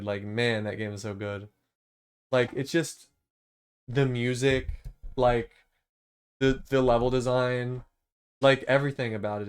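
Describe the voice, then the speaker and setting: A young man streamer talking casually about games, rambling with many fillers and restarts and swearing when he gets excited. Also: medium pitch, clear, resonant tone.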